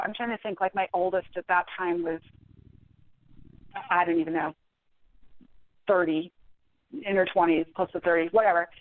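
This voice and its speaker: A woman guest in a podcast interview, retelling a story in an animated, exasperated way. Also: mid-range voice, no echo. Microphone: phone call. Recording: tinny phone line.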